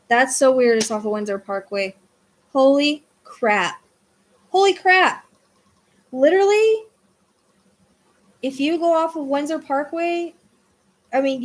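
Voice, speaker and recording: Excitable woman streaming a live reading. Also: a little high. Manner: excitable, swings between hushed and exclaiming, talks to her dog. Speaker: psychic streamer.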